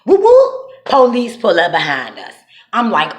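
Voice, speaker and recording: Animated woman telling wild stories. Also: mid-range voice, measured pace. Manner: animated, profane, slangy. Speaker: vlogger. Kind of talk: casual storytelling. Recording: echoey room.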